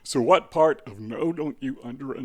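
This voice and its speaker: A man's voice: mid-range voice, moderate pace. A man talking casually to camera in a musing way, asking rhetorical questions with a dry sense of humor. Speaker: video host. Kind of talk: casual spoken monologue.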